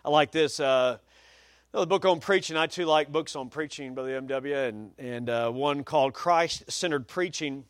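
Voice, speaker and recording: A man's voice: on the high side, normal speed, no room sound, studio quality. A male pastor preaching a sermon with emphatic stress, folksy asides and changing pace.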